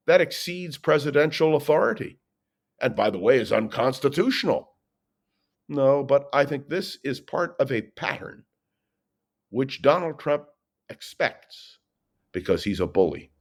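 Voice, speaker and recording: Lively low-voiced male political host. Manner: emphatic, questioning commentary with dramatic pauses. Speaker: political talk show host. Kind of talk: solo political commentary podcast.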